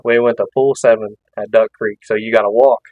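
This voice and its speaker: A man's voice: fairly low pitch, steady tone, brisk, dry recording, narrow, tinny audio. A man co-hosting a hunting podcast, telling a long story in a casual, rambling way with restarts and laughs. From Missouri. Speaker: podcast co-host.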